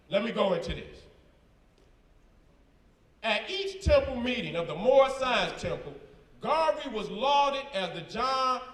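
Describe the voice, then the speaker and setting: Fired-up high-voiced man debating. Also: a bit bright, roomy sound, recorded from a distance. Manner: emphatic, combative, slangy asides. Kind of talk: live debate, reading documents aloud. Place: event hall with a crowd.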